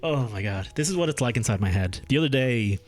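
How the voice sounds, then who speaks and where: A man's voice: mid-range voice, expressive, fast, a little mellow, soft background music. A young man streaming from home, chatting casually with his viewers, rambling and restarting his sentences as he goes off on tangents. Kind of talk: casual live-stream chat. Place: home room.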